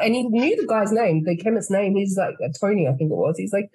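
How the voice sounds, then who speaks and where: Husky rambling woman chatting. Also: medium pitch, lively intonation, fast talker, a little mellow, low-quality recording. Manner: rambling storyteller, swears freely, trails off and restarts. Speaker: podcast co-host. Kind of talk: casual chat.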